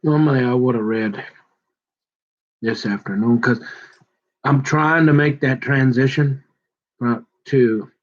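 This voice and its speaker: A man's voice: mid-range voice, takes it slowly, pauses often, lo-fi sound. A tired man, rambling and joking in a casual vlog. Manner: rambling, joking, repeats himself. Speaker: vlogger.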